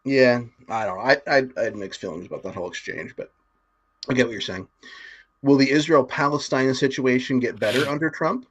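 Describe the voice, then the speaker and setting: Brisk and slightly rough, a man with a mid-range voice runs through numbers from notes while co-hosting a casual political show. He laughs often and uses lots of fillers, recorded in a dry, dull, lo-fi way.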